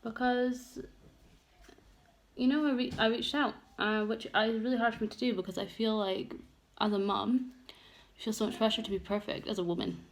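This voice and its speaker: A woman's voice: a little high, fairly even intonation, moderate pace. A young woman vlogging a candid get-ready-with-me chat, open and emotional, rambling with many fillers. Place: home room with children around. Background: noisy household.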